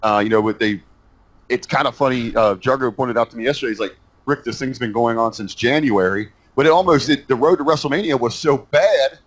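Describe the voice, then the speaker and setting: A man's voice: medium pitch, a little fast, poor audio. A man in a casual wrestling chat who rambles and hesitates with many fillers.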